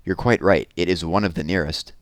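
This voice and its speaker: A man voicing a kindly adult stargazer in a storybook, patient and gently amused as he explains. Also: deep voice, a little fast, clean tone, no echo, voice pushed down, close to an everyday voice. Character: kindly grown man with a telescope.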